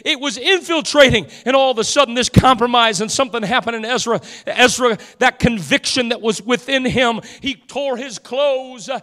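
High-voiced impassioned male preacher. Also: normal speed. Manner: impassioned preaching, swelling to shouts. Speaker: pastor. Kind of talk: sermon. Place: church sanctuary. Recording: church hall reverb.

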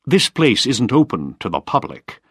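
A man's voice: mid-range voice, sing-song, normal speed, fairly bright tone, breathy edge, dry recording, studio quality, voice pushed up. A man reading a story aloud, voicing an evasive older lab director who warns a visitor off. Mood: dismissive.

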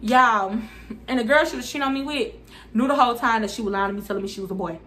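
A young woman telling a story time to her viewers in a casual, dramatic, animated way. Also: a little high, quick pace.

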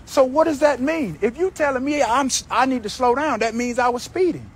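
A man filming a street dispute outdoors on a handheld phone talks indignantly and in disbelief, repeating himself in heated confrontation and vlog commentary. His voice is very high-pitched, a little fast, with a breathy edge.

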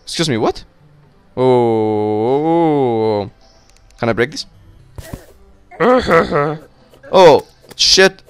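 A young man giving casual, excitable let's play commentary, swearing and talking to himself as he plays. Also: on the high side, slow, pauses often, dry recording, soft background music. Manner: cursing, excitable, talks to himself. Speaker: gaming YouTuber.

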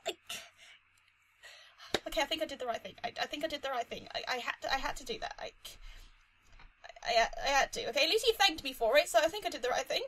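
A young woman commentating her own playthrough of a story game, chatty and excitable, talking to herself and the screen. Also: high-pitched, fast talker, pauses often, poor audio. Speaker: let's play host. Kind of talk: gaming commentary.

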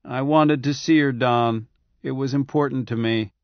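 A man voicing a flat-voiced male cyborg. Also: mid-range voice, normal speed, no room sound, lightly acted. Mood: bitter. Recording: dry, slightly dull audiobook recording.

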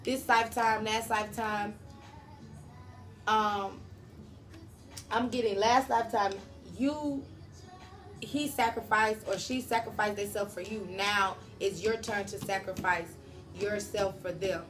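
A woman's voice: mid-range voice, fairly even intonation, takes it slowly, pauses often, fairly bright tone, faint music behind. A woman doing a casual tarot reading, talking straight to her viewers in a slangy, profane way. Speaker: tarot reader.

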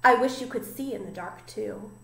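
A woman voicing an eager, excitable young female fruit bat in a storybook reading, with a high squeaky voice. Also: moderate pace, creaky, reverberant, poor audio. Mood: wistful.

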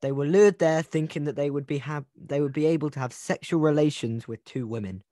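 A man's voice: fairly high pitch, fairly quick, warm tone, dry recording, studio quality. Man hosting a joking true-crime chat. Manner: joking, rambling with restarts. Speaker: podcast host. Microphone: video call.

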